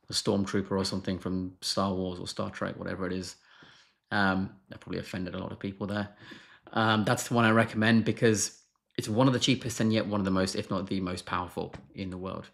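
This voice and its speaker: A man's voice: on the low side, gravelly. A man who is a doctor answering viewer questions on a live stream, frank and blunt, brushing off marketing claims.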